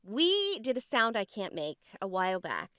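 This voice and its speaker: A woman from California with a Californian accent, co-hosting a podcast in a chatty, playful storytelling way with drawn-out pauses. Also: mid-range voice, huge pitch swings, fairly bright tone, smooth, no echo, studio quality. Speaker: podcast co-host. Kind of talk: casual chat.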